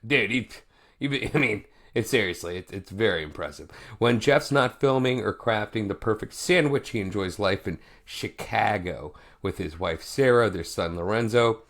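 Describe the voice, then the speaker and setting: Man, podcast co-host, low-ish voice, lively pitch, playful, reads intro. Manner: playful, quick to joke. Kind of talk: casual chat and reading a guest intro.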